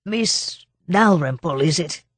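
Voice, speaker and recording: Lady narrator doing a sad shy older guy, soft apologetic voice, kinda husky. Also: deep voice, expressive, slow, no room sound, heavily acted. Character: grieving shy older man, a gentle widower. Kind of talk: audiobook narration.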